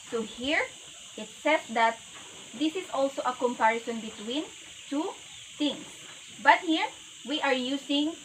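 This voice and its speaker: A woman teacher giving a classroom teaching demonstration, explaining slowly and repeating key points for the class. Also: a little high, a bit bright, slight background noise, rough recording. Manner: slow, deliberate explaining with repetition.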